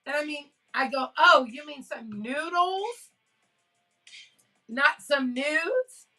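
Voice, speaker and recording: A woman's voice: high-pitched, animated, takes it slowly, pushed and bright, soft background music, low-quality recording. A woman hosting a casual live stream from home, telling stories with lots of laughs and greeting her chat. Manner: chatty storyteller, laughs often, greets chat. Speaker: livestream host.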